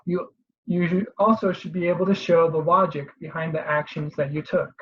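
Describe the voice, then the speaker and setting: A presenter giving an instructional voice-over, explaining each step steadily and clearly with a few small restarts. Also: mid-range voice, level tone, moderate pace, dull audio. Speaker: career advice presenter.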